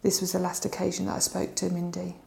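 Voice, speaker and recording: A woman reading a witness statement in a monotone, gravelly delivery, recorded in an echoey room. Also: lowish voice, fast talker.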